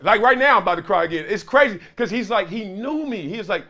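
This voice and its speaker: A middle-aged man talking straight to his audience in a loose, conversational way. His voice sits a little high, and he shifts between punchy emphasis and soft, reflective asides. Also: big pitch swings, a little fast, hardly any pauses. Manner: emphatic, earnest, swings loud to quiet. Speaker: show host and commentator. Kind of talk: casual solo commentary to camera.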